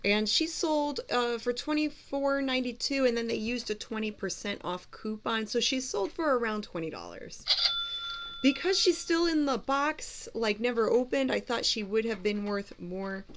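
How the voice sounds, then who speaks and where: A chatty woman with a nasal Cleveland accent and a slightly high voice. She co-hosts a casual livestream, talking easily about the things she has found and sold. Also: expressive, moderate pace, a little hiss or hum. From Cleveland, Ohio. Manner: chatty, reads viewer comments aloud. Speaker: podcast co-host.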